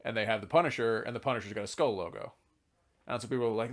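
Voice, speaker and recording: A man's voice: fairly low pitch, expressive, quick pace. A tipsy man hosting a podcast, rambling casually about game lore and swearing now and then. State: drunk. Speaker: podcast host.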